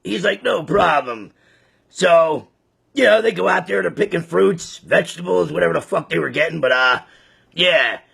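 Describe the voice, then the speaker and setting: A man tells a crude joke in a rambling, casual way, with a high, very gravelly voice. His tone is bright and tense, with a raspy, rough edge. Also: moderate pace. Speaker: joke teller. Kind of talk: casual storytelling.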